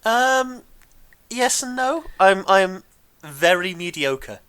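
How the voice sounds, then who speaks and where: A man's voice: high voice, big pitch swings, slow, a bit bright, smooth. A British man co-hosting a podcast, chatting casually with a dry, wry humour and frequent ums. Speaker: podcast co-host. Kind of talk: casual chat.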